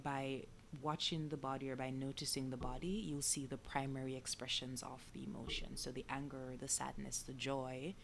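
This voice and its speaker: A woman with a Jamaican accent hosting a solo podcast, explaining ideas calmly and repeating her key phrases. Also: a bass voice, moderate pace, gravelly, hardly any pauses, a little hiss or hum. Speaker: podcast host. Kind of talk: solo podcast talk on emotions and healing.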